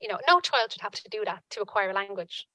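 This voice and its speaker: Bright-voiced woman telling her story. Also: mid-range voice, expressive, no echo, rough recording. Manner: earnest, halting, many restarts. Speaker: conference panel speaker. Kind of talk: personal testimony at a conference.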